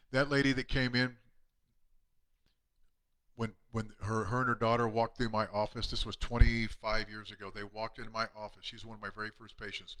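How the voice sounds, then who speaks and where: A man, a chiropractor, telling emotional patient stories on a live stream, earnest and often dropping to a hushed voice. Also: fairly low pitch, little pitch movement, moderate pace. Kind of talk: heartfelt storytelling on a live stream.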